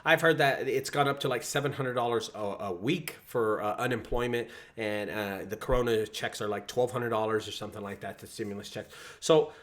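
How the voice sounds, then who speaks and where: A man's voice: mid-range voice, fairly quick. A man who runs a junk removal business, talking casually to camera and telling stories with acted-out quotes. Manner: animated storyteller, acts out quoted voices.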